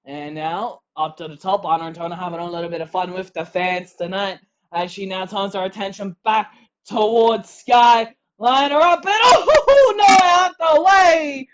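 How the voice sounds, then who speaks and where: A wrestling commentator calling a match play-by-play, excitable and shouting on the big moves. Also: mid-range voice, moderate pace, highs cut off.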